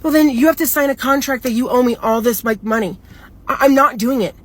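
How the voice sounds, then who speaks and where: A woman's voice: high voice, a little fast. A young woman telling a storytime in a casual, upset and rambling way, swearing a lot. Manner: upset, rambling, heavy swearing, many "like" fillers.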